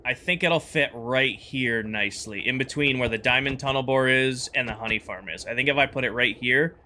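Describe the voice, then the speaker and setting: Male live streamer, casual thinking-aloud chatter, crisp bright tone, medium pitch. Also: a little fast, slight background noise. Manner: chatty, thinks aloud and greets chat viewers. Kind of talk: casual live-stream chat while gaming.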